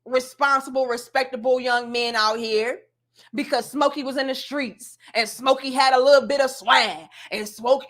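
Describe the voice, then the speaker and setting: A woman's voice: high-pitched, a bit bright. A woman giving an opinionated commentary rant, blunt and sassy, full of slang and lecturing. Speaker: commentary vlogger.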